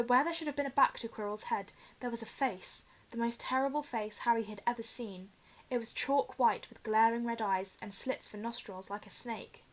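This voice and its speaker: A woman teacher with a fairly high voice reads a children's novel aloud. Her reading is expressive and dramatic. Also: low-quality recording.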